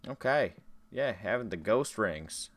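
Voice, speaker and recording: A man's voice: on the low side, animated, measured pace, fairly bright tone. A man streaming a game, chatting casually with his viewers between tasks. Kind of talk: casual live-stream chat while gaming.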